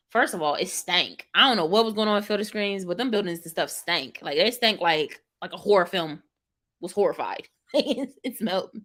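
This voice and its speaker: A young woman vlogger telling a story casually to her live chat, lively and laughing as she acts out what she said. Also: mid-range voice. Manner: animated, laughing, dramatic retelling with quoted exclamations.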